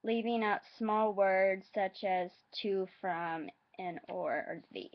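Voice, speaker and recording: Woman vlogger, unhurried halting read, dull lo-fi sound. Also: medium pitch. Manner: halting, hesitant reading with asides. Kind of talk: reading facts aloud.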